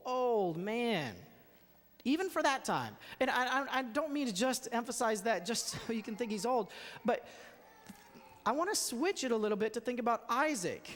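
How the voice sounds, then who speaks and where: A man preaching a conversational, expressive sermon in a church sanctuary. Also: high voice. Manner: conversational, expressive, retells scenes with acted voices. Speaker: pastor. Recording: echoey church hall.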